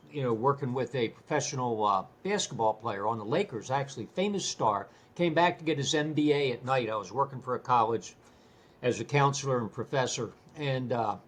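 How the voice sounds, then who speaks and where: Older male guest, husky, animated storyteller who repeats his words. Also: medium pitch. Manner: animated, repeats words while telling stories. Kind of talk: casual storytelling interview.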